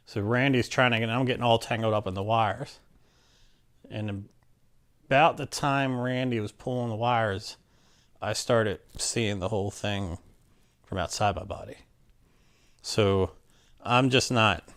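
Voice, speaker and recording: A man with a somewhat low voice tells a personal story in easy, casual speech. He is animated, trails off into fillers and restarts, and puts on quick voices for the people in his story. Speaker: interviewee telling his story.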